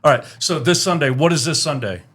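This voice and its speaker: A man's voice: a little high, a little fast, fairly bright tone, breathy edge. A middle-aged man hosting a casual church podcast, teasing guests and telling dad jokes. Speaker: podcast host. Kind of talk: casual interview chat.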